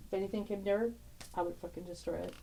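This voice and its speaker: Middle-aged woman vlogger, warm mellow tone, rambling, tender, quick to laugh. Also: medium pitch, steady tone, vocal fry, rough recording. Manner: rambling, tender, laughs often, broken-off sentences. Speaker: tarot channel host. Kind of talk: casual emotional vlog, showing family photos.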